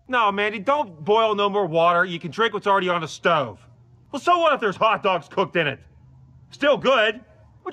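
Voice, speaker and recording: Guy playing a gruff pittsburgh dad, pittsburgh accent, high bright nagging voice, sarcastic griping. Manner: complaining, nagging family, sarcastic. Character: gruff middle-aged Pittsburgh dad, grumbling. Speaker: comedy character. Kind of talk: comedic monologue clip.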